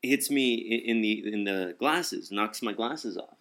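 A young man telling a story in casual talk, animated, acting out what people said and swearing freely. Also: fairly low pitch, a little slow.

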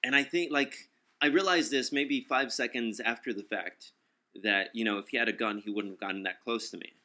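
A young man in casual talk, telling a story. He is animated, acts out quotes and swears freely. His voice sounds bright and tense. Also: medium pitch, a little fast.

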